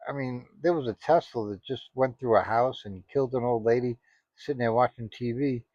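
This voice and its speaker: A man's voice: mid-range voice, a little fast, no echo. A man giving casual spoken commentary, rambling and indignant, full of "you know" asides. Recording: dry, dull lo-fi audio.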